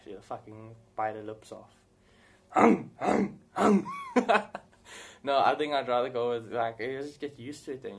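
Brief: young-sounding man, mid pitch, loose and profane, rambling Q&A to camera. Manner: rambling, heavy swearing, laughs often. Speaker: gaming YouTuber answering viewer questions. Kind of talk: casual Q&A chat to camera.

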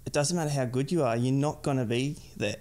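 Here a young adult man talks fast in a medium-pitched, somewhat dark voice. He's a podcast guest in casual conversation, drifting from point to point and leaning heavily on "like."

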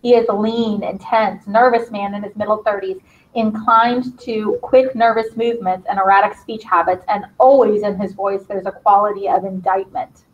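Woman teacher, brisk and encouraging, reading stage directions aloud, mid pitch, slightly muffled lo-fi sound. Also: fairly even intonation.

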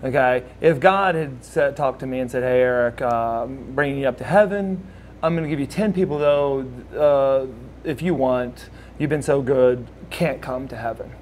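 Moderately paced and mid-range in pitch, this man in his forties, a onetime wrestler, narrates stories in a casual shoot interview. He's an animated storyteller who acts out the voices he quotes, with a little hiss or hum present.

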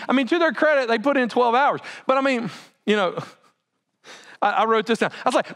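A male pastor preaching a sermon in an animated, conversational way with laughing asides. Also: extremely high pitch, brisk, pauses often.

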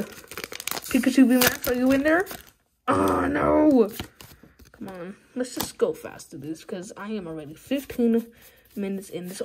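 A woman chatting casually as she opens trading card packs, excitable and pleading with the cards. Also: on the high side, husky. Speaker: card-opening vlogger. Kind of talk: casual pack-opening commentary. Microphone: phone. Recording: loud wrapper crinkling and tearing noise. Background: crinkling, tearing foil packs.

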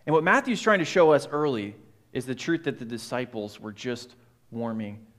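A man preaching a sermon as pastor, in a casual, animated way, often saying "like" and "right?". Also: medium pitch, moderate pace. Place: church.

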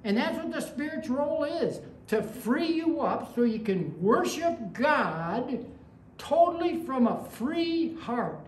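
A woman's voice: high voice, sing-song, takes it slowly, a little hiss or hum. A woman pastor preaching a sermon in a conversational way, with anecdotes and rising emphasis. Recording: echoey room with faint ambience.

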